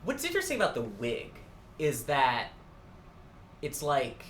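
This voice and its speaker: A man's voice: mid-range voice, huge pitch swings, measured pace, fairly bright tone. A man co-hosting a podcast, musing and digressing as he thinks aloud in casual conversation. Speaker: podcast co-host. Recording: echoey room, faint background noise.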